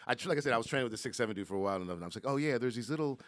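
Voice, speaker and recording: A comedian in his forties telling stories casually on a podcast, animated and quick. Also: on the low side, no echo. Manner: animated, fast storytelling with acted-out quotes. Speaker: comedian guest.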